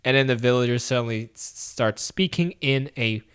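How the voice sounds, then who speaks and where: A man co-hosting a podcast, casually reviewing a film, retelling scenes with lively acted-out lines and frequent laughs. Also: medium pitch, moderate pace, clean tone. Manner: animated retelling, acting out lines, laughs often. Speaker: podcast co-host. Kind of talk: casual movie review chat.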